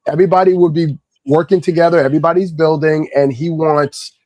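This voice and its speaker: Mellow-voiced man telling a story. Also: on the high side, brisk, no echo, rough recording. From Irvington, New Jersey. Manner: animated storyteller, calm then rising. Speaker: guest, kids' Lego class instructor. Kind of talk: casual anecdote storytelling.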